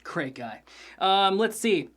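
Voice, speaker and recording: An energetic man chats through a TV episode recap as host, loose and excited. He swears freely and fills pauses with quick "uh"s, keeping a casual, talkative flow. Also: high voice. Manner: energetic, chatty, with swearing and many "uh"s. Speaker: show host reviewing an episode.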